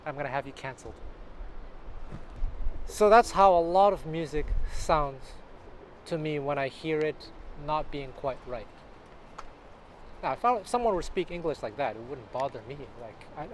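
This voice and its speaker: A man's voice: fairly high pitch, moderate pace. Chatty man vlogging on a noisy street. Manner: chatty, self-correcting, animated asides. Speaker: jazz guitar teacher. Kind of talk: casual talking-to-camera vlog. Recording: noisy outdoor street recording with traffic.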